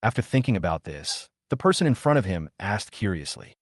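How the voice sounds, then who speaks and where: A man narrating a story from a script in a quick, even manner. His voice sits low but moves around lively, and the recording is dry, with no room sound. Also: no echo.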